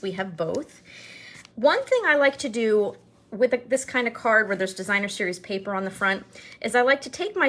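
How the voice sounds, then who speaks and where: A woman's voice: fairly high pitch, fairly bright tone. A middle-aged woman chatting her way through a card-making demonstration in her home craft studio, upbeat and joking as she works. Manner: chatty, upbeat, jokes while working. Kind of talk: casual craft tutorial narration.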